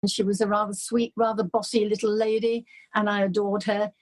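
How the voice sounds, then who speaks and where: Husky older woman telling stories. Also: mid-range voice, flat delivery, brisk. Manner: warm, laughing, storytelling. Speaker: interview guest. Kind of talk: casual chat.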